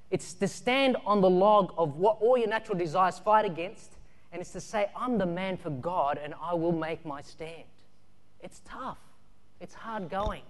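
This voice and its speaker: A man preaching a sermon, telling childhood stories with animated energy, shouts and laughter. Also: high voice. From Australia. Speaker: pastor. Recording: long hall reverb.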